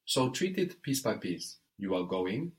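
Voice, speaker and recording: Slow, low-voiced man teaching French. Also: very animated. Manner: patient, prompts and corrects step by step. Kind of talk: one-on-one language lesson.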